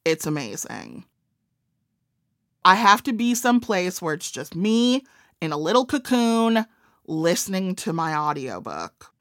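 In a casual interview, this forties-aged author and comedian uses a lowish, sing-song voice at a slightly slow pace, with a Midwestern American accent and a wry, self-deprecating humor. The sound is clean studio audio with no room sound.

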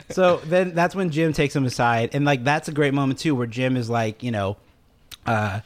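A man co-hosting a casual podcast, reliving favorite scenes. He slips into quick acted quotes and laughs easily as he talks. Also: medium pitch, slight background noise. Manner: animated retelling, acts out quotes, laughs often. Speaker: podcast co-host. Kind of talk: casual chat.

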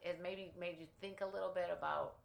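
A woman's voice: lowish voice, fairly even intonation, a little fast, vocal fry. A woman hosting a casual interview, asking teasing, probing questions. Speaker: host.

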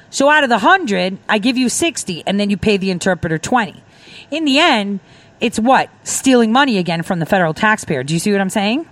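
A woman's voice: mid-range voice, lively intonation, a little fast, fairly bright tone, dry recording. Emphatic woman on dry talk radio. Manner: emphatic, rambling, acts out quoted exchanges. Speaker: guest; defense contractor. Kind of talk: political talk radio conversation.

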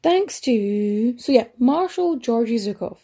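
A chatty woman hosts a history podcast, telling her story with loose asides and the odd swear word. Her voice sits a bit high, with a mellow, darker tone and a husky edge. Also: expressive, slow pace. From Ireland. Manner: chatty and rambling, swears casually, frequent fillers and asides. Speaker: podcast host.

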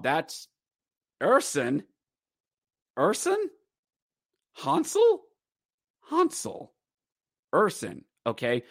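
Male podcast host, lively rambling game recap, slightly high voice, dry close mic. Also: dry recording. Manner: rambling and animated, breaks into acted quotes. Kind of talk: casual hockey game recap.

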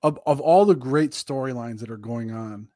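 A man's voice: medium pitch, moderate pace, a little mellow, no room sound, clean studio sound. A man who teaches, co-hosting a casual sports chat in an easygoing way. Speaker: co-host, teacher.

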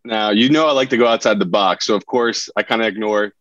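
A man's voice: on the low side, fast, a bit bright, dry recording, highs cut off. A man competing as a contestant on a podcast game show, rambling and self-mocking. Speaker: contestant, pro gambler. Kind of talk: casual game show banter.

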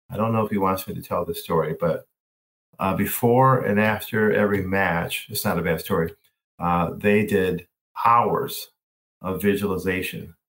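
Male coach guest, very deep voice, animated anecdote teller. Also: poor audio. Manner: animated storyteller, acts out his own reactions. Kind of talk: interview answer.

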